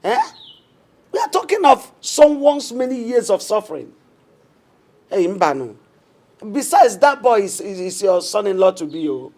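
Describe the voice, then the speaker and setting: Middle-aged Nigerian mother, reproachful, animated pitch. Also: a little slow, pauses often. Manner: reproachful, pleading.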